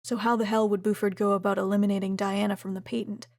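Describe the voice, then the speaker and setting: A woman's voice: medium pitch, level tone, fast, darkish tone, dry recording, clean studio sound, close to an everyday voice. A woman voicing a self-assured male billionaire in his thirties, breezy and cocky.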